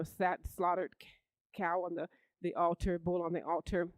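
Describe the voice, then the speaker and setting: A preacher delivering a sermon, retelling a Bible story with lively emphasis, often repeating and restarting words. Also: mid-range voice, no echo, poor audio. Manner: animated storytelling, rising loud for emphasis.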